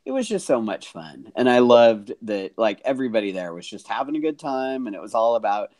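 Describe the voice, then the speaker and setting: A man's voice: mid-range voice, very animated, brisk, darkish tone. A man co-hosting a casual podcast chat, talking freely and laughing often. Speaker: podcast co-host.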